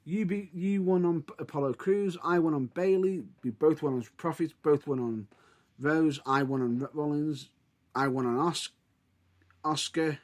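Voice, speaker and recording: A male podcast host with a fairly high voice, chatting casually. He retells moments in an excitable, animated way. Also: moderate pace. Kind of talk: casual chat.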